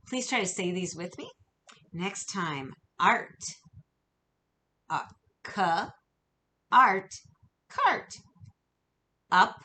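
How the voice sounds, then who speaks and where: Slow, patient woman teaching phonics. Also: on the low side, a bit bright, a little hiss or hum. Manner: slow, patient, encouraging, exaggerated sounds. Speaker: kindergarten teacher. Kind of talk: recorded remote phonics lesson.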